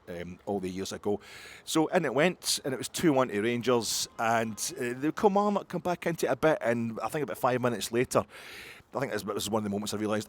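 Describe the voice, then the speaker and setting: A middle-aged Scottish man hosting a fan's post-match reaction, rambling excitably between muttered asides and loud outbursts. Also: fairly low pitch. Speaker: football podcast host.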